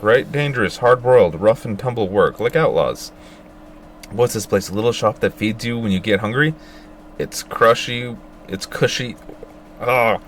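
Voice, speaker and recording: A man's voice: mid-range voice, a little hiss or hum, natural voice. A man voicing a teenage girl gang boss who rants dramatically about becoming a ruthless villain. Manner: dramatic, indignant ranting.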